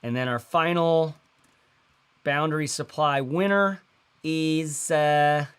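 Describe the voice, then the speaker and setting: A man's voice: a little high, takes it slowly, fairly bright tone, smooth. A man in his thirties hosting a casual livestream, talking in a loose, rambling way with lots of fillers and slang. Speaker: host.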